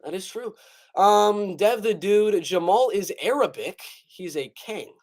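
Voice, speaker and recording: Young male livestream host, high voice, casual and jokey, reads out chat comments. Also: expressive, unhurried, darkish tone. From North Carolina. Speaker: MMA prediction livestream host.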